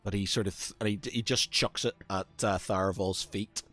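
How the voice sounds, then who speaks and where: A man's voice: on the low side, steady tone, brisk, fairly bright tone, soft background music. A man narrating as dungeon master in a tabletop game, hesitant and full of fillers.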